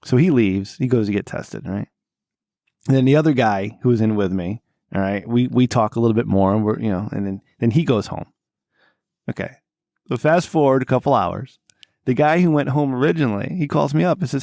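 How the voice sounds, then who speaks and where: A man co-hosting a podcast, telling a long story in casual chat, swearing freely and jumping to a high, exasperated voice when he quotes himself. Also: brisk, creaky, no echo, clean studio sound. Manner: animated, profane, voice jumps high when exasperated. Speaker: podcast co-host.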